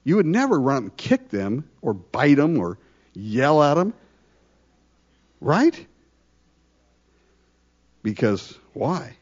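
A man preaching a conversational sermon, full of rhetorical questions and lively asides. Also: medium pitch, takes it slowly, long pauses, lo-fi sound. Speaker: pastor.

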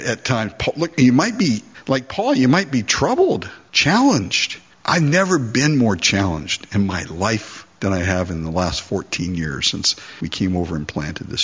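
Animated husky male pastor preaching. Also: mid-range voice, dull audio. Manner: animated, acts out dialogues with God. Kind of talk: sermon.

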